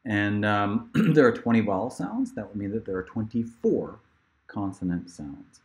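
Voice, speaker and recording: A man giving a casual online pronunciation lesson, playful and joking, drilling words slowly for the listener to repeat. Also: on the low side, lively intonation, a little mellow. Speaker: pronunciation teacher. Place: outdoors in hot sun.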